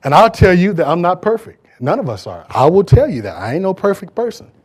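A man's voice: sits high, big pitch swings, brisk, a little mellow, slightly rough. A man preaching a sermon in a church, emphatic and conversational, repeating words as he drives his points home. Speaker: pastor.

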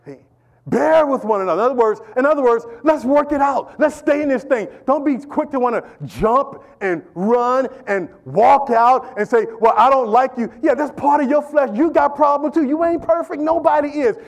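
A middle-aged man preaching a sermon as pastor, animated and repetitive, calling out to the congregation. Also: extremely high pitch, normal speed, gravelly. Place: church.

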